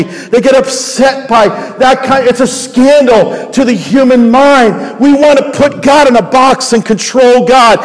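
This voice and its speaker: A raspy-voiced man with a New Jersey accent preaches with fervor, driving his points home through repetition. His voice sits high for a man, and it carries a long reverb through a large church hall. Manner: impassioned, repeating phrases for emphasis. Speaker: pastor. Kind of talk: sermon.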